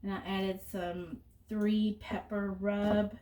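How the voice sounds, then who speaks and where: A woman's voice: mid-range voice, little pitch movement, slow, far from the mic, background noise. Chatty middle-aged woman cooking, roomy kitchen. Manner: chatty storyteller, rambling asides. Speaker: cooking vlogger. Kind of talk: casual chat while cooking. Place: home kitchen.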